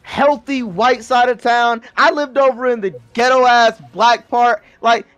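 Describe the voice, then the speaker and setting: A man in his twenties telling a rambling, profane story casually while gaming, breaking into loud, excited bursts. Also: very high-pitched, a little slow, no room sound.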